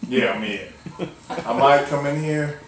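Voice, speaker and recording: A man's voice: a little high, unhurried, a little hiss or hum. A man performing as a children's clown and magician, teasing and coaxing a child in folksy playful banter. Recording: echoey room, mic far off.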